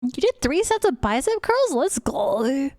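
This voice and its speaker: A woman's voice: high voice, very animated, unhurried, darkish tone, no room sound, clean studio sound. A woman streaming live and chatting casually with her viewers, giggly and teasing, laughing often between phrases. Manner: playful and teasing. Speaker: VTuber streamer. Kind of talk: casual livestream chat with viewers.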